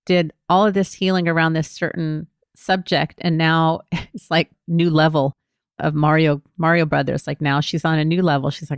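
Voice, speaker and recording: A woman's voice: low-pitched, level tone, normal speed, clean tone, no room sound, clean studio sound. A woman podcast host and therapist talking in a reflective, easygoing way. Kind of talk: casual podcast conversation.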